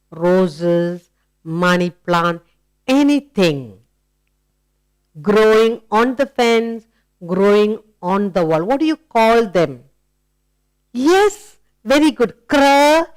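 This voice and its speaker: A woman teaching young children phonics in a slow, coaxing way, asking questions and praising answers. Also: mid-range voice, smooth, rough recording. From India.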